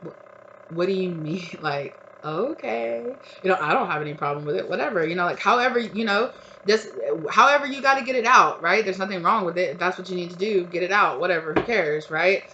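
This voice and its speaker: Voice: mid-range voice, fast, pushed and bright, a little hiss or hum. Giggly, rambling tarot reader, dull lo-fi sound. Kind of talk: casual tarot reading.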